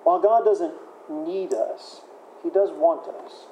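A man's voice: fairly high pitch, slow, dark tone, echoey room, slight background noise, low-quality recording. A man preaching a sermon in a conversational way, often repeating words and using fillers. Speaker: pastor.

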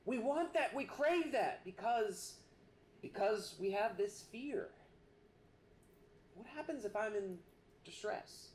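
A man preaching a sermon, earnest and halting, with many restarts. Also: high-pitched, animated, echoey room, a little hiss or hum. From United States. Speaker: pastor.

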